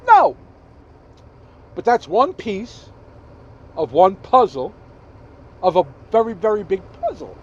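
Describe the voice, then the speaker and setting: A man with a very high voice that swoops up and down as he rants about politics in a casual vlog. He drags his words out slowly and leans hard on each point. The recording sounds dull and lo-fi. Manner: emphatic, repetitive, swears, stumbles over numbers. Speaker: political vlogger.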